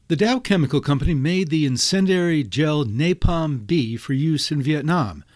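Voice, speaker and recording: A man reading a scripted local history segment in a measured, factual way. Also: fairly high pitch, no echo, studio quality. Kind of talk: scripted narration.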